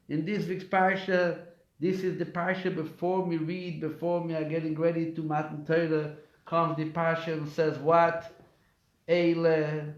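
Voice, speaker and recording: Emphatic man teaching, echoey lo-fi room. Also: fairly high pitch. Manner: emphatic, storytelling, asks rhetorical questions. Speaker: rabbi. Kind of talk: weekly Torah class lecture. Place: live class in a community center. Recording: echoey room, dull lo-fi sound.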